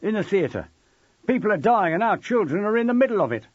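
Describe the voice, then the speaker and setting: A man playing a mouthy, furious father who bellows up at a house, his voice pushed high and loud. The husky read has a dull, dry sound. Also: big pitch swings, brisk, dry recording. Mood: angry. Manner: shouting, demanding. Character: loud angry father leading a mob.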